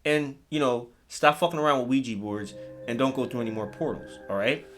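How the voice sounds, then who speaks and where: A man's voice: mid-range voice, fairly quick, faint music behind. A man telling a comedic scary story in a casual, rambling way with lots of swearing.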